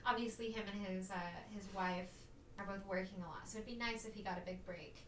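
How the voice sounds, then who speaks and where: A woman's voice: medium pitch, fairly even intonation, distant mic. A woman co-hosting a casual chat, recapping a movie in a loose, filler-heavy way. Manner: chatty, quick, full of fillers. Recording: echoey room with faint noise, off-mic.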